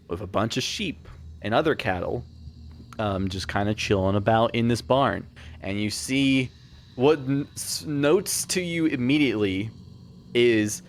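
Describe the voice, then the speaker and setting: A man's voice: mid-range voice, a little hiss or hum. Laid-back male game master. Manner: relaxed, hesitant, many fillers. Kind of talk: narrating a tabletop game.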